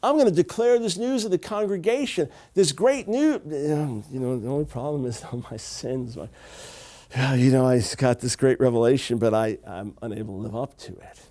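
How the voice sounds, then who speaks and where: A middle-aged man teaching the Bible to camera in an animated, emphatic way, repeating key phrases. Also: mid-range voice, moderate pace.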